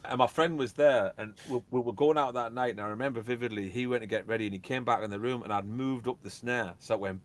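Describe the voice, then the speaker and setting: A man, a DJ and label owner, chatting casually and telling animated stories that act out beats and quotes. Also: mid-range voice, fast talker, few pauses, music in the background. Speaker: guest, DJ and record label owner. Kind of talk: casual chat.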